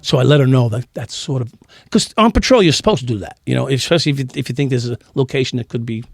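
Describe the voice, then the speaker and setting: A man's voice: mid-range voice, fast talker, gravelly, dry recording. A man around sixty, a former police officer telling profane, laughing stories in a casual interview. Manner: profane, laughing anecdotal storytelling.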